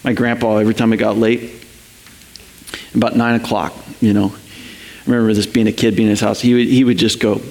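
A man preaching a sermon, telling stories in an animated way and acting out the voices of the people he quotes. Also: fairly low pitch, fairly quick, pauses often. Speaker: pastor.

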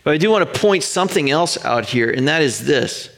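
A middle-aged man preaching, his slightly high voice worn with a gravelly fry. He speaks earnestly, slowing down and pausing so each point lands. Steady, plain sermon delivery. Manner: earnest, emphatic, drawn-out pauses for emphasis. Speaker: pastor.

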